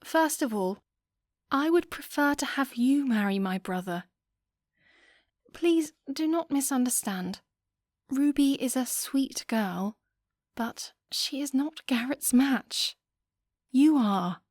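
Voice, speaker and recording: Eager young lady voiced by a woman, shy, romantic, higher tone, audiobook. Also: lively intonation, slow, long pauses, darkish tone, no room sound, studio quality.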